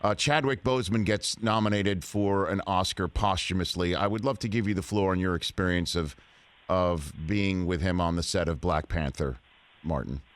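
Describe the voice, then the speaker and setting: A man hosting a talk show, asking quick, stacked follow-up questions. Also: sits low, no echo. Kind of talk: sports talk show interview.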